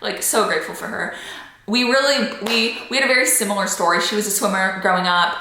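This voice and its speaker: Chatty young woman, bright echoey voice. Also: mid-range voice, brisk, a little hiss or hum. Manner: candid and chatty, many "like" fillers. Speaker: vlogger. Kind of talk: personal storytelling to camera.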